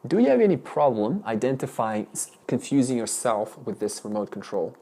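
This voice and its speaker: Lively questioning male teacher. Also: medium pitch, normal speed. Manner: questioning, repeats questions with restarts. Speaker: Vedanta teacher. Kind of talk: interactive spiritual lesson. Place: teaching room with class.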